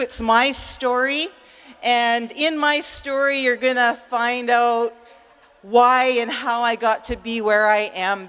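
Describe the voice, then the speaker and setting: An older woman from Manitoba, Canada, presenting at a conference and projecting her voice loudly as she tells her personal story. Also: fairly high pitch, smooth. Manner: loud and warm, openly projecting. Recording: reverberant hall.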